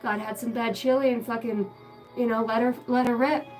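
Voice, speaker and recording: A woman's voice: fairly high pitch, fairly even intonation, fairly quick, darkish tone, soft background music, rough recording. A woman rambling crudely on her live stream, swearing often and laughing as she talks. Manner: crude, giggly, swears a lot. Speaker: livestream host.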